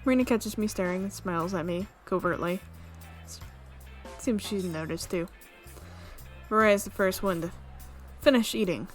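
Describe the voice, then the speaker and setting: A woman streamer reading a visual novel aloud, amused and quick to laugh. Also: mid-range voice, faint music behind. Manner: amused, reads with frequent laughs.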